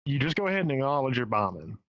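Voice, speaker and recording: A man's voice: mid-range voice, sing-song, fast, fairly bright tone, dry recording, low-quality recording. A man with a Southern US accent talking as a stand-up comedian guest in a casual podcast interview, candid and profane, often restarting his sentences. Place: home in the Pacific Northwest.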